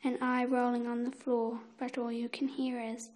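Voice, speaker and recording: A woman reciting a spooky list poem at a measured pace, letting each verse end in a hush. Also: a little high, little pitch movement.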